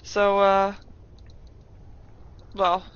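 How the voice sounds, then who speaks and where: A woman's voice: medium pitch, monotone, drawn-out words, clean tone. Woman casting a game, lo-fi sound. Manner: thinks aloud, playful asides, frequent restarts. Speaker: esports caster. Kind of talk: live game commentary. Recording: dull lo-fi recording.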